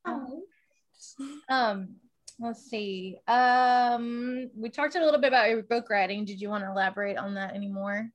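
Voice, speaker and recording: Higher-voiced woman hosting a chat. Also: moderate pace, dull audio. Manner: brief prompting remarks and questions. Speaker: podcast host. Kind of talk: casual chat.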